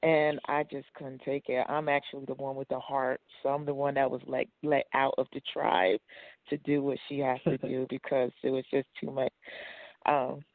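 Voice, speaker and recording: A woman's voice: extremely low pitch, little pitch movement. A woman calling in to a talk show, chatting politely and agreeing readily. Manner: agreeable and polite, quick to affirm. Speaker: caller. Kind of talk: casual chat. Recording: tinny phone line.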